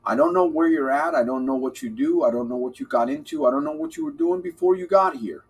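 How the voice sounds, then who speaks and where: A man hosting a live podcast as a recovery coach, talking casually to his chat in an animated, playful way and repeating phrases for emphasis. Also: on the high side, quick pace, gravelly, slight background noise. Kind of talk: live-stream talk, answering chat.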